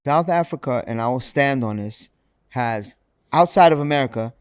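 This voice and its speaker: A man's voice: mid-range voice, animated, normal speed, smooth, no room sound. A man in an interview clip, speaking emphatically and firmly. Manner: emphatic, firm.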